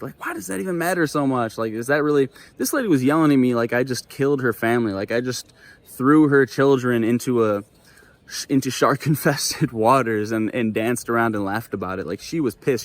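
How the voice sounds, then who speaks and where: A man's voice: mid-range voice, no room sound. A young man vlogging, telling a story to camera in a casual, profane way full of "like" and "dude". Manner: laid-back, profane, heavy on "like" and "dude".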